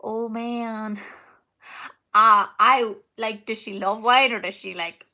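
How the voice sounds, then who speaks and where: Bright, chatty young woman. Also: on the high side, fairly even intonation, takes it slowly. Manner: chatty, rambling, laughs often, many fillers. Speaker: singer hosting a live Q&A. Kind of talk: casual live-stream chat answering comments. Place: home, indoors.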